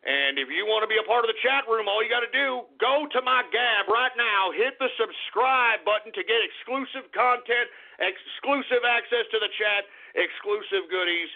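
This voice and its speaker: A man hosting an internet talk radio show, ranting and yelling in exasperation. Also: sits high, animated, normal speed, few pauses. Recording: tinny lo-fi phone-like sound.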